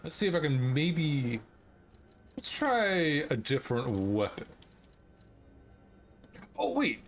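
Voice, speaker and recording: A young man giving excitable, swearing commentary while playing a game live, with sudden yelps at close calls. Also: fairly high pitch.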